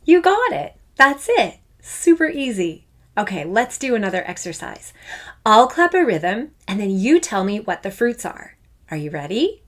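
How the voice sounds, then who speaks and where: A woman's voice: mid-range voice, very animated, moderate pace. A middle-aged woman music teacher from Canada, giving a playful, upbeat online lesson for children. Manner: enthusiastic, playful, speaks to children.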